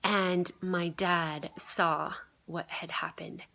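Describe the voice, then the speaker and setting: A woman in her thirties speaks in a somewhat low voice, telling a personal story with an earnest, reflective manner. She leans on fillers and lets many phrases fade into a breathy whisper. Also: little pitch movement, very slow, pushed and bright. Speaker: vlogger sharing a healing story.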